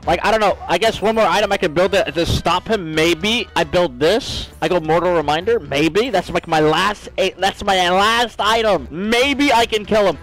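A young man streaming a video game live, ranting and swearing at teammates, swinging from low mutters to shrieking outbursts. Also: moderate pace, few pauses, a bit bright, rough recording. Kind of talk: live gameplay commentary. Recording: faint music behind.

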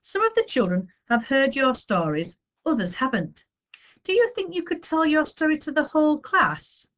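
Woman voicing a gentle coaxing teacher. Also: high-pitched, sing-song, normal speed, voice pushed up. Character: kind, gentle female primary teacher.

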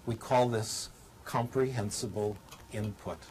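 An older man lectures to a television studio audience. His delivery is dry and gently humorous, and he teaches by demonstrating as he talks. A faint ambient hiss sits behind his voice. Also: fairly low pitch, steady tone, measured pace, poor audio.

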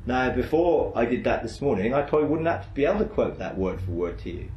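A man's voice: medium pitch, very animated, fast, muffled recording. A man leading a faith meditation exercise in a chatty, rambling teaching style, with frequent asides and restarts. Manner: conversational, rambling, with frequent "you know" and restarts. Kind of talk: informal teaching session. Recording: roomy echo.

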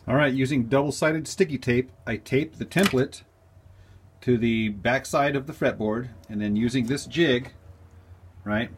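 A man's voice: medium pitch, fairly bright tone, slightly rough. A man who makes cigar box guitar fretboards, giving a casual how-to tutorial and explaining each step plainly.

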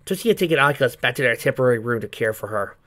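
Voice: medium pitch, animated, rapid-fire, fairly bright tone. Brief: casual storyteller reading aloud, breaking off for eager commentary. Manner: chatty, enthusiastic asides. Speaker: fan-fiction reader.

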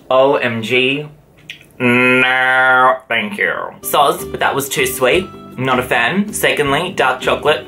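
Animated, theatrical Australian man. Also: a little high. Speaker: YouTuber. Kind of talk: casual taste-test vlog.

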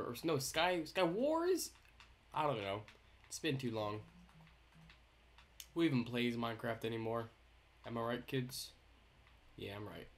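Goofy, lively young gaming host. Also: male voice, mid-range voice. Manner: goofy, playful, jokey self-talk. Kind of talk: casual let's-play commentary.

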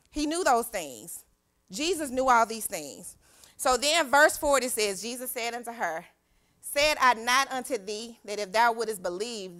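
A woman youth pastor, preaching a sermon in a church, reading scripture and calling out to the congregation. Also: mid-range voice. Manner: animated preaching with call-and-response. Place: church sanctuary.

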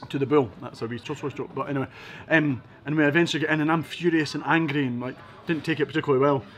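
A Scottish man telling his life story in a casual interview, quick and lively, acting out the people in his stories. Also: on the high side. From Scotland. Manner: fast, lively storytelling with acted-out quotes.

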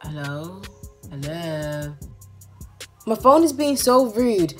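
A woman's voice: fairly low pitch, big pitch swings, takes it slowly, over loud music. A young woman chatting casually to her phone camera in her bedroom, giggling often and drawing out her exclamations. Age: young adult. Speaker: vlogger. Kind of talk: casual vlog chat.

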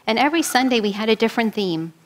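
Her pitch fairly high and her intonation lively, a woman minister from New York City guides a prayer and shares stories in a sermon. The prayer is slow and calming, while the stories come out with more energy.

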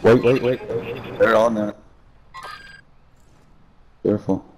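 A man's voice: lowish voice, steady tone, takes it slowly, slight background noise, poor audio. A young man in casual gaming chat over a headset, giving callouts and dry mockery. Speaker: gamer.

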